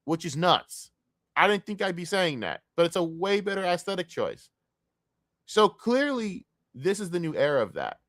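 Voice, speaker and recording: A man ranting in a casual, profane stream rant, jumping from loud outbursts to low grumbling. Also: moderate pace, no echo, clean studio sound. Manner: profane, excitable, swings between loud outbursts and mutters.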